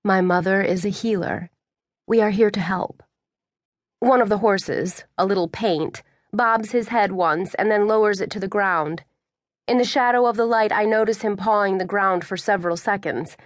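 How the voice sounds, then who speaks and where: A woman reading a first-person audiobook in a measured storytelling way. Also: medium pitch, dry recording, clean studio sound. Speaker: audiobook narrator.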